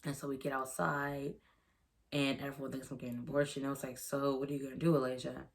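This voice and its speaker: Young woman rambling thru a storytime, super deep voice with lots of fry. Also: little pitch movement, fast. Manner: rambling, repetitive retelling with quoted dialogue. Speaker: vlogger. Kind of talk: storytime vlog.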